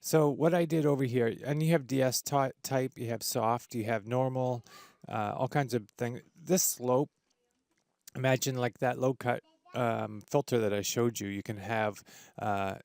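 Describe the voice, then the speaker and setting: A man hosting a casual audio software tutorial, enthusiastic and full of fillers and restarts. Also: mid-range voice, steady tone, a little slow, no room sound, clean studio sound. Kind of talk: screen-recorded software tutorial. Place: home studio with treated room.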